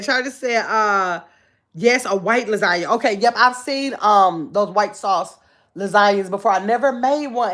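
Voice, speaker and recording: A middle-aged woman hosting a casual livestream, chatting easily and reading viewer comments aloud with frequent pauses to look. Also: mid-range voice, a bit bright. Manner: chatty and easygoing, with frequent "let me see" pauses while reading. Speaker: channel host.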